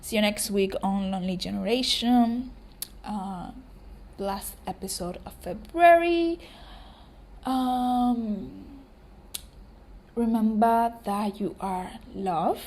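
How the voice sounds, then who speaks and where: A young woman hosting a casual solo podcast, her voice hoarse and cracking, rambling with frequent ums and offering warm affirmations to listeners. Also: medium pitch, takes it slowly, pauses often. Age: young adult. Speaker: podcast host.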